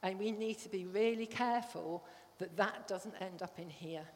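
A woman gives a friendly, conversational sermon, regularly asking the congregation if they follow. Her voice sits at an ordinary middle pitch. It rings out with a long reverb, as if recorded in a large church hall. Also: normal speed, a little mellow. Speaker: church speaker.

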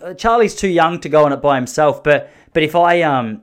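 A man's voice: fairly high pitch, animated, a little fast, smooth. A man in his thirties with an Australian accent, telling a funny personal story in a rambling, self-correcting way with sheepish asides. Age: 30s. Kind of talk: casual comic storytelling.

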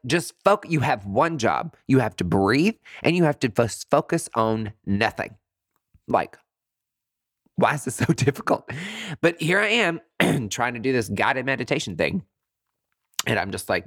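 A man talking casually to his listeners, acting out his own thoughts in quick jumps to high, dramatic voices. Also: animated, fairly bright tone, dry recording, studio quality. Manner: swears freely, says "girl" and "honey". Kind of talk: casual monologue.

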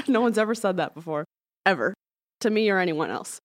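A woman co-hosting a podcast, telling stories in a playful, animated casual chat. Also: medium pitch, moderate pace, no echo, studio quality. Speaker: podcast co-host.

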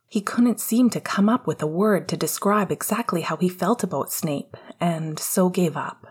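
Husky-voiced woman narrating a story. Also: fairly low pitch, normal speed, hardly any pauses, a little mellow. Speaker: fan fiction reader. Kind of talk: narrating fan fiction.

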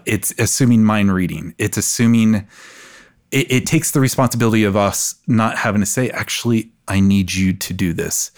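Middle-aged male podcast guest, low voice, earnest and reflective, measured delivery. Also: a little mellow. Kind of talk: podcast conversation.

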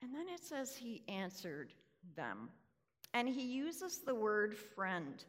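A woman preacher giving a sermon, deliberate and full of rhetorical questions. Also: a little high, big pitch swings. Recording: reverberant hall.

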